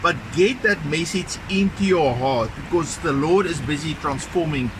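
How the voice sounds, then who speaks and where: A man's voice: fairly high pitch, normal speed. A man hosting a ministry video, earnestly introducing a speaker while he walks outdoors beside a river. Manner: earnest, encouraging. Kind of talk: casual spoken introduction while walking. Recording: outdoor noise behind.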